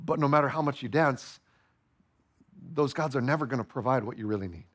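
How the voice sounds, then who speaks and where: A male pastor preaching a sermon, playful and animated, acting out the voices of the people in the story. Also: medium pitch, brisk.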